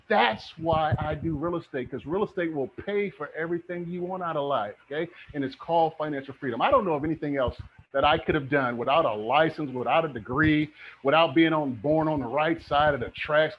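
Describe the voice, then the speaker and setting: A middle-aged man with a slightly high voice teaches a live online real estate webinar. He is energetic and motivational and keeps checking in with his viewers. The audio is dull and lo-fi, like a computer mic, with faint background noise.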